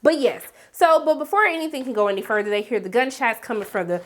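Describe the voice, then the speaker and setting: Sassy, animated woman recapping a show. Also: fairly high pitch, fast. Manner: sassy, dramatic, talks straight to viewers with repeated "okay?". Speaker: TV recap host.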